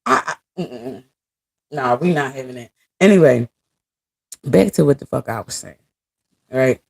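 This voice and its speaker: A woman's voice: very deep voice, expressive, moderate pace, vocal fry, a little mellow, breathy edge. A woman in her thirties ranting to her viewers in a casual vlog, blunt and heavy on profanity. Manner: blunt, profane, venting angrily. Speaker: vlogger.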